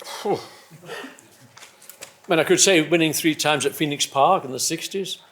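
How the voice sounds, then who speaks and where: A man in his seventies, a former racing driver, telling stories on stage at a club evening in a reflective, measured way with many restarts. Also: on the high side, a bit bright, slight background noise. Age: 70s. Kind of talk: after-dinner conversation on stage. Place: club evening event indoors.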